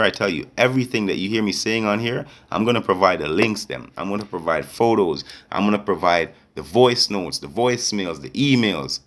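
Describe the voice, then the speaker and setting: A man's voice: fairly low pitch, a bit bright. A man in an angry, confrontational rant to camera as a vlogger, repeatedly checking that listeners follow him. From Canada. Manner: confrontational, repeats "you get me".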